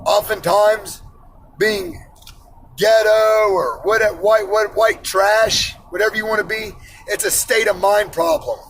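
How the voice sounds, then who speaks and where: A man's voice: high-pitched, slow pace, fairly bright tone, slight background noise, poor audio. A man in his forties who works in iron, ranting bluntly and profanely about money and personal responsibility. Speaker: iron worker ranting on camera.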